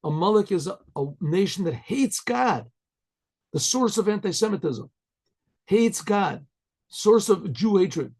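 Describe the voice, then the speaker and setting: A rabbi leads an informal Torah lesson in a slightly high, husky voice with a gravelly edge. He speaks haltingly, repeating words and clearing his throat often. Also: expressive, a little mellow. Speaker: rabbi teaching a Torah class.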